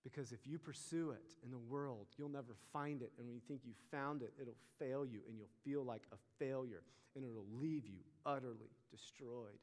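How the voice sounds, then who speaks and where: A young man preaching a sermon to a student group, animated and asking the audience questions. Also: medium pitch, normal speed, hardly any pauses. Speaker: youth pastor. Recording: long reverb of a large hall.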